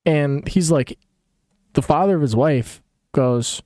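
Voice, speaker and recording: Brief: deadpan-sarcastic male storyteller, unhurried, rambling, dry close sound. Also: fairly high pitch, no room sound. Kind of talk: casual comedic retelling.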